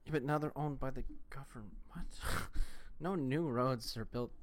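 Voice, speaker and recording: A man giving rambling, profane, animated commentary as he reacts to a debate clip. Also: medium pitch, moderate pace.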